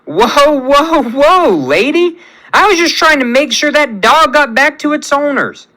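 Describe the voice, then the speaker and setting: A man reading as a cocky young hero who is lonely underneath, from a fan story. The voice is bright and bounces up and down, chatty and pleading by turns. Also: very high voice, expressive, a little slow, pitched above the performer's own voice, full character voice. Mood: excited.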